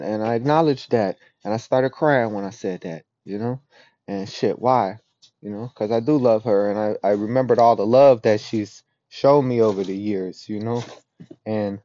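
A man giving a raw, rambling, profane confessional monologue as a podcast host, often dropping to a low murmur. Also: moderate pace, warm tone, no room sound. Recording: dull dry lo-fi recording.

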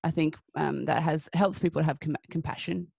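A woman's voice: low-pitched, fairly even intonation, a little fast, creaky, darkish tone, breathy edge, no room sound, lo-fi sound. An Australian woman hosting a podcast interview, chatty and laughing often. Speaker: podcast host. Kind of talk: casual interview chat.

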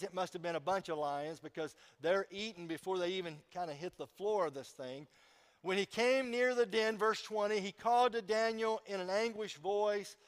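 A man's voice: high voice, a bit bright, clean tone, in a large hall. A man preaching a sermon as pastor in a church, talking conversationally with emphatic bursts and questions to the congregation.

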